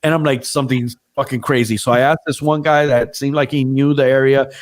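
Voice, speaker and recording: A man's voice: medium pitch, flat delivery, fairly quick. A man casually telling a story on a podcast, swearing freely and acting out what other people said.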